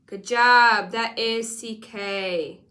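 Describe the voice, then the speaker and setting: Slow, bright-voiced woman teaching spelling. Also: on the high side, fairly even intonation. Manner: slow, patient, encouraging, spells letters aloud. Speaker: reading teacher. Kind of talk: one-on-one spelling lesson.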